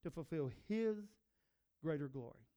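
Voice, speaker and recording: Male pastor, sermon, earnest, emphatic repetition, mellow warm tone, raised pitch. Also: animated, normal speed, highs cut off. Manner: earnest, building to emphatic repeated phrases.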